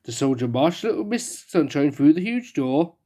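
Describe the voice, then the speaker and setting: A woman's voice: deep voice, big pitch swings, moderate pace, mellow. A woman reading a children's picture book aloud with playful, chatty asides. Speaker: storybook reader.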